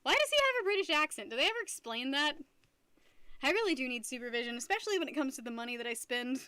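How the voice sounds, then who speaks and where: A woman's voice: sits high, very animated, quick pace, pushed and bright, smooth, no room sound. A young woman streamer chatting casually with her viewers, playful and giggly, often laughing at herself. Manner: playful, giggly, self-mocking. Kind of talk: casual live-stream chat.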